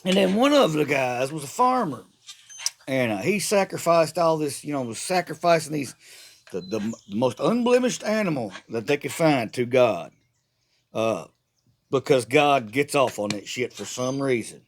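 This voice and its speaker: At a moderate pace and with big swings in his medium-pitched voice, a middle-aged vlogger rants sarcastically at length. The monologue rambles irreverently, full of restarts and repeated words, with slight background noise.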